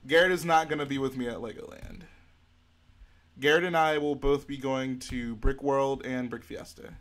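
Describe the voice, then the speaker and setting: A young man hosting a casual live stream, reading out viewer comments and answering them in a relaxed way while he builds. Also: medium pitch, normal speed. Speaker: livestream host.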